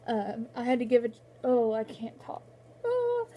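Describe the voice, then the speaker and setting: A young woman with a high, mellow voice talks slowly and rambles through her vlog, stopping and restarting her sentences. She sounds tearful, close to crying. A faint hiss sits under her voice. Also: big pitch swings. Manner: rambling, halting, full of fillers and restarts. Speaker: book vlogger. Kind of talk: casual vlog chat.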